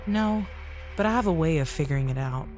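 A calm, determined young woman in a storybook, with a lifted, higher voice, as a male narrator puts her on. Soft music plays underneath. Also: normal speed, close to an everyday voice.

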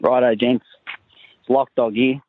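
A man's voice: medium pitch, flat delivery, unhurried, narrow, tinny audio, a little hiss or hum. An Australian man telling a crude, rambling anecdote in a recorded voice message. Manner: crude, laid-back yarn-spinning. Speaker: caller sending in a voice message.

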